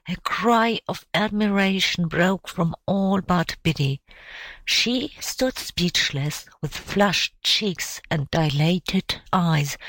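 A woman narrates an audiobook at a slow, measured pace. Her voice sits fairly low and expressive. The sound is dry and close. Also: dry recording, poor audio. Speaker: audiobook reader.

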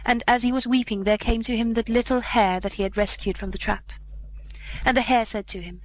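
Brief: a woman storyteller, measured, slightly high, reading a classic fairy tale. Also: fairly even intonation, poor audio. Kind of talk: fairy tale read aloud.

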